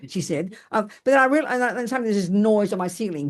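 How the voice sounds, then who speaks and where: An older woman gives a Buddhist dharma talk, with her voice sitting at a middle pitch. She teaches through lively, self-mocking personal stories. She often breaks off and restarts her sentences as she goes. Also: very fast, hardly any pauses.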